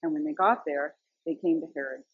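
A woman's voice: low voice, fairly quick, husky, no echo, narrow, tinny audio. A middle-aged woman giving an earnest, conversational devotional talk, telling stories. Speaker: Christian speaker.

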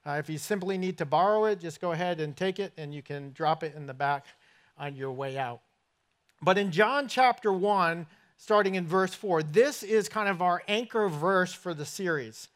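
A man's voice: sits high, normal speed, fairly bright tone. A middle-aged man, a pastor, giving a sermon in a church with folksy, self-deprecating stories. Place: church sanctuary.

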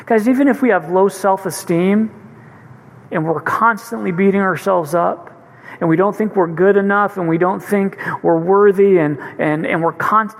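A man's voice: sits high, normal speed. A man preaching a sermon, earnestly retelling scripture with urgency. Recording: long hall reverb.

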